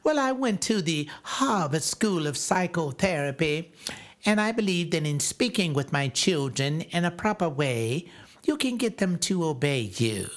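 A man's voice: a little high, very animated, a little slow. A man in his seventies imitating a prim, self-assured female child psychologist who lectures properly.

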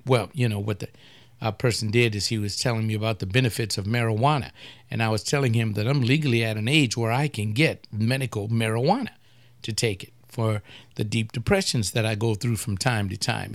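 A man's voice: medium pitch, dry recording. An older man, a pastor, hosting a webcast in a blunt, provocative, rambling talk-radio monologue.

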